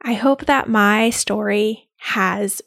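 A young adult woman, a labor and delivery nurse, tells her own birth story in a heartfelt, excitable way. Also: mid-range voice, slow, vocal fry, dry recording, studio quality. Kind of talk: personal birth story told to an audience.

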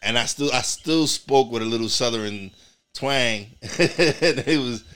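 A man's voice: mid-range voice, measured pace, a bit bright, smooth. A man from New York hosting a podcast in casual chat, rambling with many restarts and repeated words. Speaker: podcast host.

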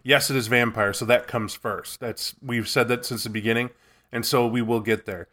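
A man's voice: medium pitch, fairly even intonation, moderate pace, bright, forceful tone. A man co-hosting a podcast, bantering with dry jokes. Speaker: podcast co-host. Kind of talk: casual chat.

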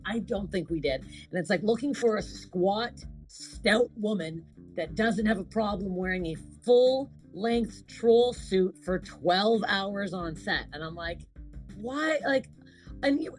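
A woman's voice: mid-range voice, animated, normal speed, faint music behind. A woman comic actress chatting casually, telling stories animatedly with laughs and swearing. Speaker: comedic actress, guest. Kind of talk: casual chat.

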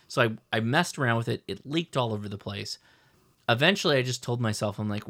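A middle-aged man co-hosting a podcast, telling a rambling, animated story with lots of restarts. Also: mid-range voice, brisk. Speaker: podcast co-host. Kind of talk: casual chat.

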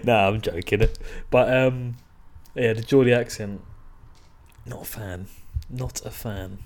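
A man's voice: fairly low pitch, fairly even intonation, takes it slowly, a little mellow, a little hiss or hum. A man from England co-hosting a podcast, chatting casually with blunt opinions and frequent laughter. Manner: laughing, blunt, swears freely. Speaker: podcast co-host. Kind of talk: casual chat.

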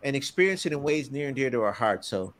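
A man's voice: medium pitch, very animated, fast talker, a bit bright. A man hosting a conversational interview, enthusiastic, mixing Spanish words into his English. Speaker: host.

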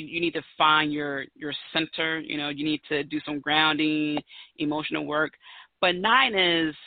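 A woman's voice: sits low, no echo. A woman in her thirties hosts her own podcast. She talks in a chatty, emphatic way and leans hard on her key points. The sound is tinny and narrow like a phone line, and very dry. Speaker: podcast host. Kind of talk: solo podcast talk.

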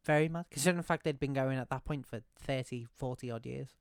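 A man's voice: medium pitch, quick pace, clear, resonant tone, dry recording, studio quality. A man co-hosting a podcast, joking and asking quiz questions. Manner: jokey, fond of silly impressions. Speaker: podcast co-host and quizmaster. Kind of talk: casual chat.

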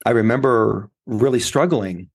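A man's voice: mid-range voice, a little slow, slightly rough. A man who is a podcast guest, telling a personal story in an earnest, emotional way and acting out the dialogue he quotes.

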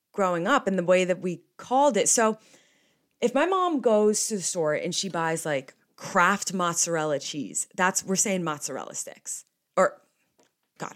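A young woman, hosting a podcast in a rambling, casual chat full of swearing. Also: lowish voice. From New Jersey. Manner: chatty and rambling, with frequent swearing. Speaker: podcast host.

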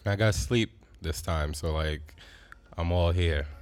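A man's voice: low-pitched, takes it slowly, soft background music. A man with a New York accent co-hosting a morning radio show in a studio, laid-back with brief replies. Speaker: radio co-host. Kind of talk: casual morning radio chat.

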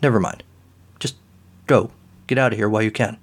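A man voicing an eager, nervous young male detective in a comedic audio story. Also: fairly quick. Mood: alarmed. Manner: eager, high and polite.

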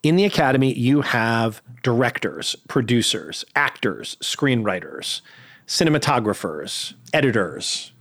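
A man's voice: medium pitch, animated, unhurried, a bit bright. A man co-hosting a casual film chat, joking and arguing playfully with his co-host. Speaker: podcast co-host. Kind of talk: casual chat about films.

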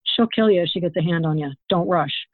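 A woman voicing a gruff thug boss, tinny. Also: on the low side, a little fast, dry recording, lightly acted. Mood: warning. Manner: rough, slangy, commanding. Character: gruff male thug boss, weary and blunt. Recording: tinny phone-like, dry sound.

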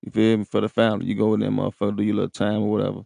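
A man talks in a loose, rambling, profane street-slang monologue. His voice sits low and has a rough, gravelly edge. The sound is dry and close, with no room around it. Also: completely flat delivery, very fast, warm tone, no echo. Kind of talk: casual monologue to camera.

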